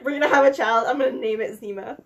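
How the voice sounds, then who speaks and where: A woman's voice: a little high, quick pace, muffled recording, background noise. A young American woman chatting casually with a friend, often trailing off mid-thought. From United States. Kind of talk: casual chat.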